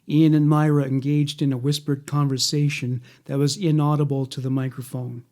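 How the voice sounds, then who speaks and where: A man reading a scripted documentary narration in a measured, matter-of-fact way. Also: fairly high pitch, level tone, warm tone.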